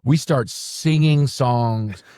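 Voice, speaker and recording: A man's voice: medium pitch, drawn-out words, mellow, smooth, no echo, clean studio sound. A man from California on a podcast, chatting and recounting a day step by step. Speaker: podcast co-host. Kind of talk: casual storytelling chat.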